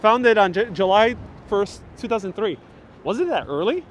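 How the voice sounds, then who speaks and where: Man, live walking city tour, chatty with viewers, somewhat high-pitched, faint outdoor street noise, lapel mic. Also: animated, moderate pace. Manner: chatty, reads viewer comments aloud. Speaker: livestream city tour guide. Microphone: wireless lapel mic with phone on gimbal. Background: street ambience.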